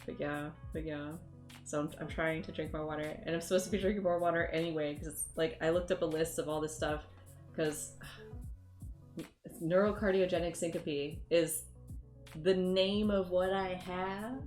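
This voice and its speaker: Lowish-voiced woman streamer just chatting, laughs a lot, roomy room with faint music behind. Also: moderate pace. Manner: rambling, laughs often, animated storytelling. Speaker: livestreamer. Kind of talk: casual chat with viewers.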